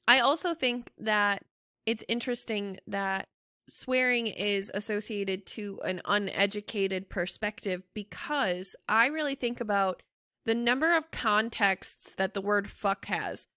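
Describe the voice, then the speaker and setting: Podcast lady, bright punchy voice, swears a ton, super dry close mic. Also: mid-range voice, measured pace, dry recording. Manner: animated, swears freely, laughs loudly. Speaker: podcast co-host. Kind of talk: casual chat.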